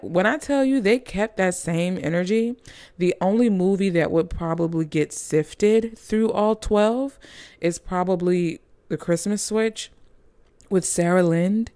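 A woman's voice: on the low side, mellow, no echo. A woman reviewing movies in a casual, chatty, gushing manner with playful asides.

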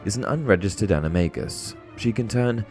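Clever, rule-bound young witch, brisk and pleased with herself, read by a low-voiced man with a lively lilt. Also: faint music behind. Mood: smug.

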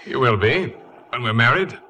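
An actor playing a brusque, brooding wealthy gentleman with a curt, commanding manner, in 1940s radio drama style. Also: mid-range voice, lively intonation, normal speed, slight background noise. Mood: teasing.

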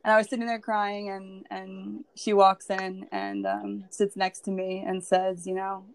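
A woman's voice: mid-range voice, measured pace, few pauses, no echo. A woman sharing her personal story as a podcast guest, candid and emotional, with lots of "like" and "um.". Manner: candid and emotional, heavy with "like" and "um" fillers.

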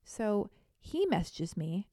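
A woman tells a comic personal story in a lively, theatrical way. She often pokes fun at herself. Her voice is mellow and warm, and it is recorded close and dry. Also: medium pitch, slow, no echo. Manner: animated, self-deprecating, theatrical. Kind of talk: comedic storytelling monologue.

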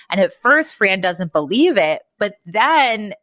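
A woman's voice: lowish voice, very animated, measured pace, few pauses, a bit bright, dry recording, clean studio sound. A woman co-hosting a podcast, chatting casually as she recaps a sitcom episode and acts out the characters' lines. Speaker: podcast co-host.

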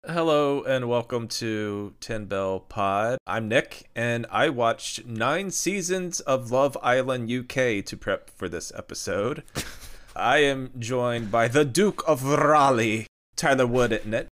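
A man's voice: medium pitch, slow, a bit bright. A man hosting a comedic podcast, playful and laughing often. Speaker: podcast host.

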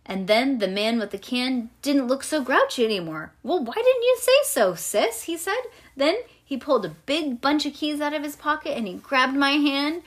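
A woman reading a children's storybook aloud to a child, lively and pausing to explain things. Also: high-pitched.

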